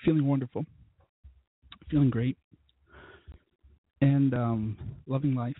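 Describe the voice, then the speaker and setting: A man's voice: medium pitch, steady tone, takes it slowly, dry recording. A man hosting a casual podcast, rambling through a profane story while a bit drunk. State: tipsy from drinking. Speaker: podcast host. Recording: tinny phone-like recording.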